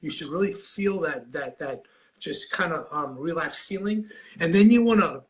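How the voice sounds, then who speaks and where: A man's voice: a little high, animated, normal speed. Man coaching with a nasal cold voice. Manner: rambling, repeats and restarts a lot; demonstrates breathing while talking. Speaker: anxiety coach. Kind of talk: live video coaching session.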